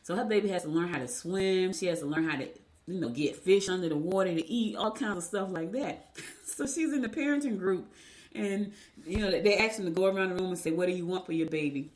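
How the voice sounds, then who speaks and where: A woman's voice: medium pitch, expressive, fairly quick. A woman radio host reading daily horoscopes and chatting casually, rambling and laughing as she tells stories. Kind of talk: casual chat.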